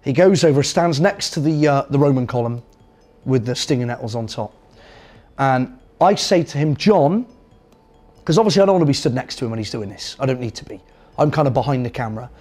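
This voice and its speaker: A man telling a comic anecdote in a lively, self-amused way. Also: medium pitch, quick pace. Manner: animated, self-amused storytelling. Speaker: comedian.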